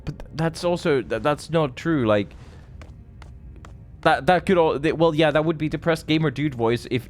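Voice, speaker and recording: A man in his thirties streaming a game, chatting loosely with viewers, swearing often and rambling between thoughts. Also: mid-range voice. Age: 30s. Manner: rambling, profane, chatty with chat. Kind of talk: live gameplay commentary.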